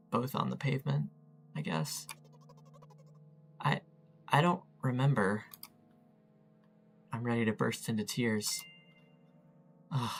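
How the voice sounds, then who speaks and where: Casting: gravelly man, unhurried let's-play commentary, wry and self-mocking, faint music underneath. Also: mid-range voice, fairly bright tone. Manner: chatty, self-mocking, reads game text aloud and banters with it. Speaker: gamer playing a text adventure.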